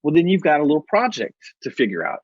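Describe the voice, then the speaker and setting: A man's voice: fairly high pitch, very animated, quick pace, slightly rough, no room sound. American male podcast guest, loose storyteller, laughs a lot, dry dull sound. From United States. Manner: rambling, self-correcting, laughs often. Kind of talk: casual interview storytelling.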